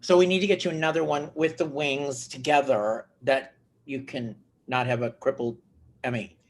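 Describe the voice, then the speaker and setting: A man's voice: medium pitch, fairly even intonation, normal speed. A man hosting an interview show, chatting with nominees in a friendly way. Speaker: host.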